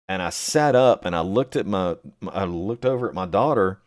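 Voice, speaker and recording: A man hosting a live chat, answering viewers by name and rambling with many pauses and fillers. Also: deep voice, expressive. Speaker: livestream host reading chat.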